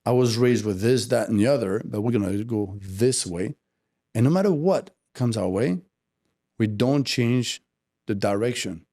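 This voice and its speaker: A podcast host talking reflectively, with frequent pauses and restarts. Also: male voice, medium pitch, warm tone. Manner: reflective, halting, many fillers and restarts. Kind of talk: casual conversation.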